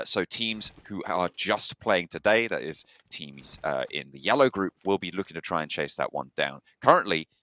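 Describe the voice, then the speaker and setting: Low bright-voiced male esports caster. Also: no room sound. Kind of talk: live game commentary.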